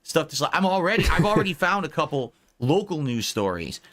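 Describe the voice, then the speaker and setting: A man's voice: on the high side, sing-song, fairly quick, fairly bright tone. A man hosting his stream, talking loosely and rambling with casual swearing. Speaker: show host.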